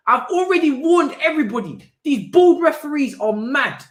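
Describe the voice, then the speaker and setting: Animated man ranting. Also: extremely high pitch, normal speed, few pauses. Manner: animated, exasperated ranting with slang. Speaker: watch-along host. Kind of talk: live football watch-along commentary. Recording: roomy echo.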